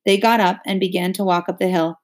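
A woman narrating a novel chapter aloud, expressive and rising with the emotion of the scene. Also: fairly low pitch, a little fast.

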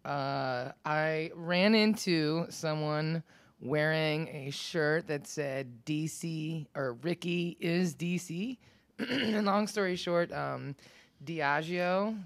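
A woman's voice: low-pitched, extremely slow, gravelly, clean tone, no echo. A woman co-hosting a casual podcast chat, blunt and swearing freely. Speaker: podcast co-host.

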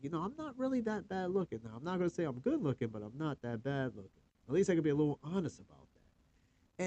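A man's voice: medium pitch, dark tone, no room sound. A man around forty hosting his own podcast, talking alone in a rambling, candid way with lots of fillers and some swearing. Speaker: podcast host. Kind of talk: casual solo podcast monologue.

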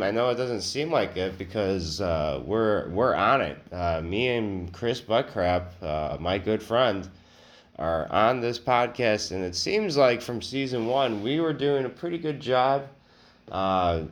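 Crude rambling male podcast host. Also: fairly low pitch. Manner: crude, rambling, self-mocking. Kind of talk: casual comedic podcast chat.

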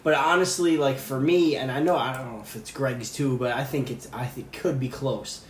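A man's voice: mid-range voice, fairly even intonation, normal speed. A man hosting a casual podcast chat, laid-back and chatty, swearing casually. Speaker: podcast host. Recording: echoey room, faint background noise.

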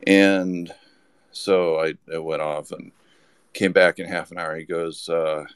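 A man's voice: deep voice, little pitch movement, takes it slowly, smooth, no room sound. A man telling a rambling anecdote as a podcast guest, with lots of restarts. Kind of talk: casual storytelling.

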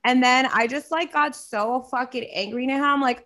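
A young woman in casual chat, telling a story with animated quoting and frequent swearing. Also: sits high, moderate pace.

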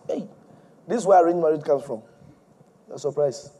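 A male preacher delivering an emphatic, repetitive sermon that swings between loud and soft. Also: high voice, sing-song, moderate pace, pauses often, slightly rough.

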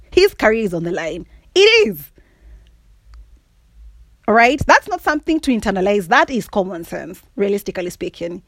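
A woman's voice: sits high, no echo. A woman chatting casually on her own show, teasing and playful, laughing often and checking in with "all right?". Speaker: podcast host. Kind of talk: casual solo chat.

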